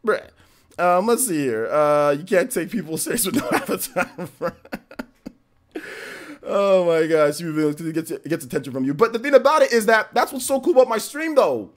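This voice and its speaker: A male streamer chats live from his home setup. His voice sits high and swings widely in pitch. He reels off viewer names with quick greetings and laughs off trolls in a loose, slangy way. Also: lively intonation. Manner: shouts out chat names, trash-talks trolls, laughs often. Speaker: streamer reading live chat. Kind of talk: casual live-stream chat.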